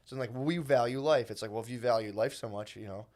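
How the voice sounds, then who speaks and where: A man's voice: medium pitch, quick pace, darkish tone. A man co-hosting a casual podcast, rambling and swearing as he riffs. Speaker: podcast co-host.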